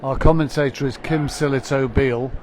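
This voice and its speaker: A man's voice: mid-range voice, steady tone, fairly quick, a little mellow, a little hiss or hum. Chatty man presenting a dog show stream. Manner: chatty, reads out viewer greetings. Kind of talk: live dog show commentary.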